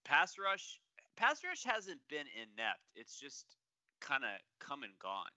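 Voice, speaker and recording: A man co-hosting a sports podcast, giving relaxed and thoughtful analysis. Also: a little high, slow, dry recording. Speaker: podcast co-host. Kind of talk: casual sports podcast chat.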